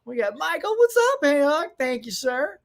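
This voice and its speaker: A man hosting a casual live stream from home, chatting excitedly and greeting viewers by name. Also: extremely high pitch, moderate pace. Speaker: channel host. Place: home room.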